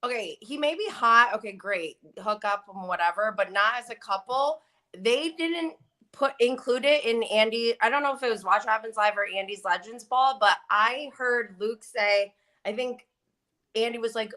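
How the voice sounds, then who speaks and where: Bright, animated woman gossiping. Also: fairly high pitch, moderate pace. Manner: animated, giggly storyteller. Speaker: guest. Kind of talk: casual gossip chat.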